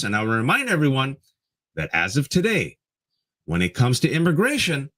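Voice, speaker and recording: A man co-hosting a political talk show, ranting fast and mocking politicians in sarcastic voices. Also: medium pitch, huge pitch swings, fairly bright tone. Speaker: co-host. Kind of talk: heated political commentary.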